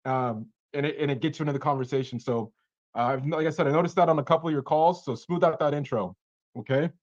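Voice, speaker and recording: Man, coaching cold calls, animated, fairly high voice, dull lo-fi video call audio. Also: fast talker. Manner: animated, acts out caller and seller lines.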